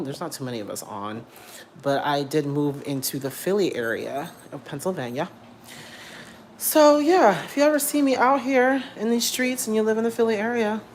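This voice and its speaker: A young man vlogging from home in a casual rant, animated and blunt, repeating himself and swearing freely. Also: a little high, a little hiss or hum. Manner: animated, repetitive, blunt and profane.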